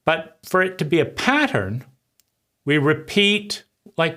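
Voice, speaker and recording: This speaker lectures reflectively, questioning himself, supplying answers, and constantly tossing in a conversational "right?". His voice is slightly high and sharp, slow, with lively intonation.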